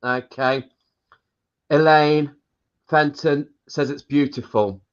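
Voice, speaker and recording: Male live-show host, unhurried delivery reading viewer comments, muffled stream sound. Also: a little high, fairly even intonation, clean tone. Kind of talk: casual live-stream chat. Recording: dull lo-fi live-stream audio.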